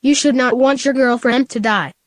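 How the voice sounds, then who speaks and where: Calm worried doctor guy explaining stuff evenly, read by a woman, highish voice, dry. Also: normal speed, dry recording, lightly acted. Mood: earnest.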